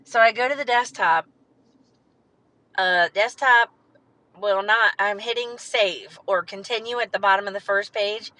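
A woman's voice: mid-range voice, measured pace, sharp tone, dry recording, poor audio. A woman hosting her own podcast, talking in a rambling, candid way with fillers and the odd swear word. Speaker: podcast host. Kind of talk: casual solo podcast monologue.

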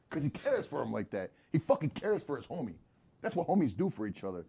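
A man's voice: fairly high pitch, wildly swooping pitch, a little fast, darkish tone, slightly rough. A man playing a lawyer in an improvised mock courtroom comedy, crude and mocking, questioning with theatrical flair.

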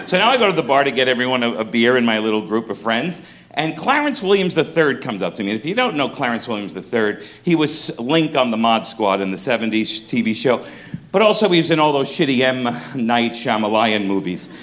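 Animated, profane man telling stories. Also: mid-range voice, a little fast. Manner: animated and profane, laughing mid-story. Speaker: stand-up comedian. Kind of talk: stand-up storytelling.

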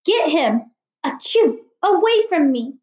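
A woman's voice: sits high, lively intonation, normal speed, highs cut off, pitched above the performer's own voice. A woman voicing a stern, exasperated mother who scolds sharply, in a roomy echo. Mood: commanding.

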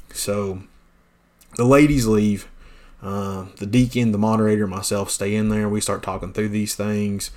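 A man telling a personal story on his podcast, blunt and plainspoken, with many fillers and restarts. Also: fairly low pitch. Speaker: podcast host, pastor.

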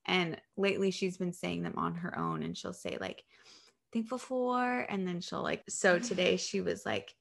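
A woman's voice: fairly low pitch, big pitch swings, moderate pace, vocal fry, hardly any pauses, a bit bright. A woman co-hosting a podcast, telling family stories in a chatty way with lots of fillers. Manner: chatty storytelling with frequent fillers. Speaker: podcast co-host. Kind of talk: casual chat.

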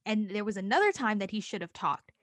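A young woman co-hosts a casual chat and slips into high, squeaky voices whenever she acts something out. Her voice sits at a middle pitch and is recorded close and dry. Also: big pitch swings, fairly quick, fairly bright tone, dry recording. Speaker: podcast co-host.

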